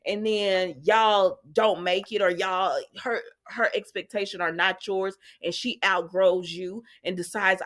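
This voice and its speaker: A woman's voice: mid-range voice, measured pace, a bit bright. Chatty, sassy woman recapping soaps. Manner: chatty, sassy, addresses viewers directly. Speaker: soap opera recap host. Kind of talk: casual recap chat.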